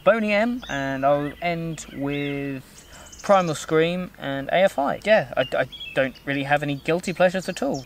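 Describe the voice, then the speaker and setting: A man's voice: mid-range voice, a little hiss or hum. Chatty man answering questions. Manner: chatty and rambling, self-deprecating. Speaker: podcast host answering listener questions. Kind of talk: casual chat.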